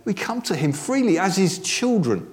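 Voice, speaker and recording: A man preaching to a responsive congregation, his voice sitting a little high for a man. He talks in a chatty, joking way, and his pitch swings widely as he drives his points home. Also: normal speed. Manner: animated, conversational, joking asides. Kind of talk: sermon. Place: church service with congregation responding.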